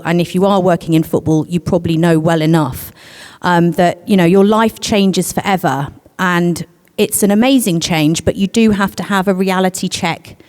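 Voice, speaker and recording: A woman with a lowish voice shares her own story on a conference panel. She talks candidly and hesitantly, with frequent pauses. Her voice rings with the long reverb of a large hall. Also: darkish tone. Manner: candid, hesitant with many pauses, gets emotional. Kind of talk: panel discussion, personal story.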